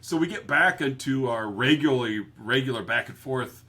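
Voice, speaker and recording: A man's voice: mid-range voice, lively intonation, moderate pace, sharp tone, breathy edge. A man co-hosting a podcast in casual chat, laughing often and quoting movies. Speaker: podcast co-host.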